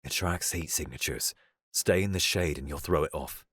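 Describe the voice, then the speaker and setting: A man voicing a calm human veteran captain who speaks low and firm. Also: moderate pace, slightly rough, exaggerated voice.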